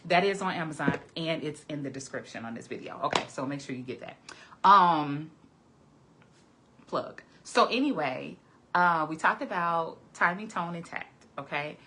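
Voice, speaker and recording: Low-voiced woman therapist giving advice. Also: expressive, normal speed, background noise. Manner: direct and earnest, often checking in with "okay?". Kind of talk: conversational advice talk to camera.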